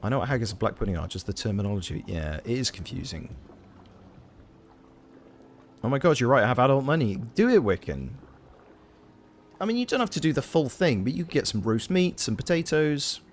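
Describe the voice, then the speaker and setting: A man's voice: mid-range voice, very animated, brisk, pauses often, a little hiss or hum. A Welsh man chatting casually with his live chat while streaming a video game, rambling through playful tangents. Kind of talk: casual live gameplay commentary.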